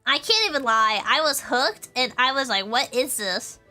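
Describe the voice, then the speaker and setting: A woman's voice: high-pitched, lively intonation, normal speed, sharp tone, soft background music. A young woman streamer in casual chat with her viewers, bubbly and rambling, laughing often and repeating herself.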